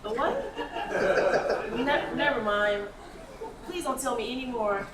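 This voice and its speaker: An actress playing a stressed woman manager brushing off her ex in a staged comedy reading. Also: a little high. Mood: exasperated. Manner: exasperated, brisk. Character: Diana, harried woman DMV manager. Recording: roomy hall, audience noise, far mic.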